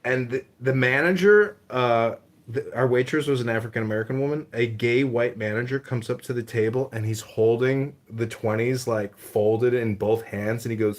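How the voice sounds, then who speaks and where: A young man chatting casually on the phone, telling animated, jokey stories. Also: medium pitch, normal speed. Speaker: comic storyteller.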